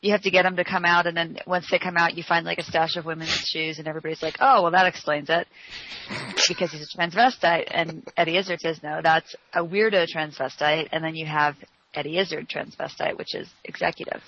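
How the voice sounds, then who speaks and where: A man's voice: fairly high pitch, little pitch movement, quick pace, slight background noise. Chatty man on dull lo-fi audio. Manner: storytelling, chatty. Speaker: podcast co-host. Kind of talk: casual chat.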